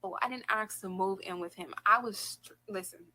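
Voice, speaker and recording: A woman talking casually in a livestream, rambling and animated as she vents. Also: medium pitch, fairly quick, low-quality recording. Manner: rambling, animated, trailing off and restarting.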